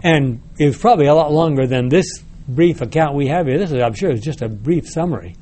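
Mellow-voiced man teaching Bible study. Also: a little high, fairly quick, few pauses, a little hiss or hum. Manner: reads passages, then asks the group checking questions. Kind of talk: reading scripture aloud and explaining it to a class.

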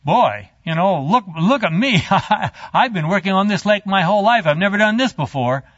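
Brief: male preacher doing a wide-eyed fisherman, high and excited, dull dry audio. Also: normal speed, no echo, in a large hall. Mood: boastful. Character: eager male fisherman Peter, awed and boastful.

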